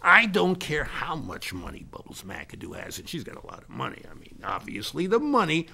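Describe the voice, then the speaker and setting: Speaking at a moderate pace in a mid-range voice, the man lets his pitch swoop wildly, adding vocal fry and a sharp edge in full character voice. He's improvising a comedy monologue as a brash American salesman-type who styles himself a Scottish laird and won't stop boasting.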